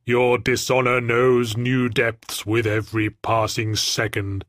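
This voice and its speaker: A man voicing a solemn, menacing male alien hunter who speaks in slow, archaic, formal threats in an audiobook. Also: medium pitch, completely flat delivery, a bit bright, dry recording, studio quality. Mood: scornful. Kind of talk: audiobook character voice.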